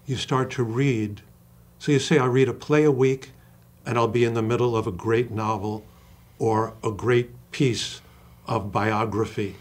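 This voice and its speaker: An older man, an acting coach, talking in an interview with passion and slowing down to stress single words. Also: medium pitch, fairly even intonation. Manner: passionate, emphatic storyteller who acts out quoted dialogue. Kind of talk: interview conversation.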